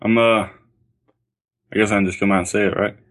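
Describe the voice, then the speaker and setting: A man's voice: on the low side, fairly even intonation, moderate pace, a bit bright. A young man co-hosting a podcast in a laid-back, dry way, laughing easily. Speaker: podcast co-host. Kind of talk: casual podcast chat.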